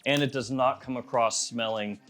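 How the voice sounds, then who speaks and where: A man with a Southern accent reviewing fragrances in a relaxed, conversational vlog. His voice sits at an ordinary middle pitch, and he muses aloud as he talks. Soft music runs faintly under him. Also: moderate pace. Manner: chatty, easygoing, muses aloud.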